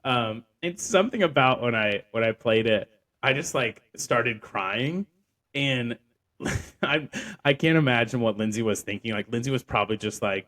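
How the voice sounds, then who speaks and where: A man's voice: medium pitch, moderate pace, a bit bright. A young man hosting a podcast, telling a personal story in a rambling way with lots of fillers and restarts. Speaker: podcast host. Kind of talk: casual storytelling.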